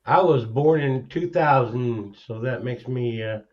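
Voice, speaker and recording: A man's voice: medium pitch, unhurried. A man joining a casual live chat as a guest, joking loosely and saying "you know" a lot. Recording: dull lo-fi call audio.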